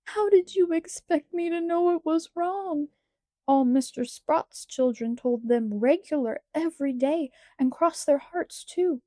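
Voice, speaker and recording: A woman reading aloud gives voice to an impish six-year-old boy in a storybook. He speaks high and pleading, between sobs, with childish slang, in a close, dry sound. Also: normal speed, dark tone, no echo, lightly acted. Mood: sobbing.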